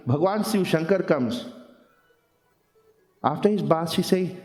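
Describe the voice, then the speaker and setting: Male storyteller-preacher, earnest, fairly high voice, reverberant hall. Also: moderate pace, long pauses, a little mellow. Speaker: religious storyteller. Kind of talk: storytelling sermon. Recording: roomy hall with long echo.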